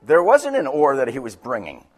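A man preaching a sermon, moving between loud urgent peaks and quiet, low passages. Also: huge pitch swings, normal speed. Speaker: pastor.

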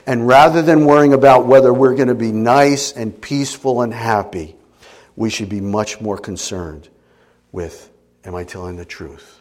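A middle-aged man preaching a sermon as a pastor, emotional and animated, dropping at times to quiet intensity. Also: mid-range voice. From Italian family background.

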